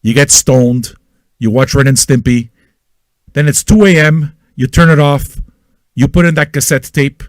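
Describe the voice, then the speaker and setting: A man hosting an independent online radio show, ranting crudely and loudly at his listeners and repeating himself as he goes. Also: mid-range voice, fairly even intonation, measured pace, no echo, studio quality. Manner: loud, manic and crude, with yelling and repetition; talks straight at listeners with repeated questions. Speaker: internet radio host. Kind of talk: profane ranting monologue.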